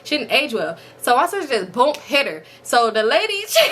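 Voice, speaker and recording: A young woman with a bright, high-ish voice recounts a story to her viewers in a casual vlog. She swears freely and acts out every line of dialogue. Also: big pitch swings, normal speed, a little hiss or hum. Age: 20s. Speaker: storytime vlogger.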